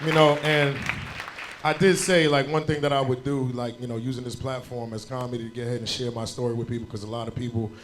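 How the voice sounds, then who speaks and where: A young man from New Jersey doing a stand-up comedy set, an animated storyteller who jumps into loud shouted bits. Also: mid-range voice, fast, some chatter behind, slight background noise. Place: comedy club stage with audience laughter.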